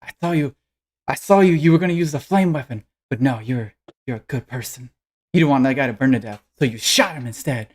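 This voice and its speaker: A man voicing an excitable eight-year-old girl who gushes over her heroes in a tabletop game. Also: medium pitch, fairly quick, natural voice. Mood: gushing excited. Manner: bubbly, gushing, breathless chatter.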